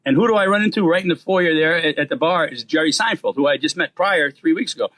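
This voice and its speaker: A man in his fifties with a Boston accent, a comedian telling stories as a podcast guest. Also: on the high side. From Boston area. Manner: fast-talking, animated storyteller. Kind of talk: storytelling in casual interview.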